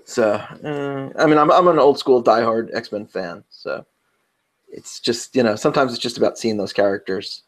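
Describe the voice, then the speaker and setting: A man with a New York accent, co-hosting a casual round-table podcast. He talks at a middle pitch in a chatty, rambling way and often doubles back mid-sentence. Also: normal speed. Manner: chatty, rambling, self-interrupting. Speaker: podcast co-host.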